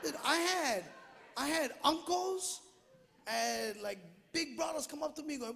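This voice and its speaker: A man doing stand-up comedy on a theater stage, loud and animated, mimicking family members. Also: very high-pitched, unhurried, vocal fry. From Hawaii. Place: theater stage before a live audience. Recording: echoey theater with a laughing crowd. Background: audience laughter.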